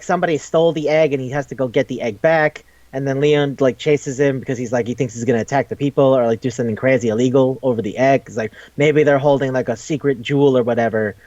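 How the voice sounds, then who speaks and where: A man's voice: mid-range voice, no echo, lo-fi sound. A man co-hosting a podcast in casual chat, rambling loosely with lots of "like", swearing freely and acting out quoted lines as he retells a story. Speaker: podcast co-host.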